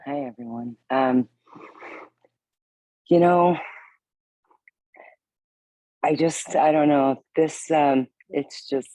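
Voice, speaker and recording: A woman sharing casually on a video call, halting and rambling, swearing and laughing as she talks. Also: low voice, dark tone, no room sound, poor audio. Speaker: meeting participant.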